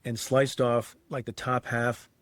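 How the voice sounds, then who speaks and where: A man recounting a story in relaxed conversation, circling back and repeating words as he goes. His voice sits at an ordinary pitch. The recording is dry and close. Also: unhurried, no echo. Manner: rambling with restarts and fillers. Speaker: interview guest. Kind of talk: casual anecdote telling.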